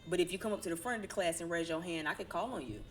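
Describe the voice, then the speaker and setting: A woman's voice: lowish voice, rapid-fire, soft background music. A woman giving a casual tarot reading, talking in a blunt, preachy and colloquial way and swearing now and then. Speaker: tarot reader.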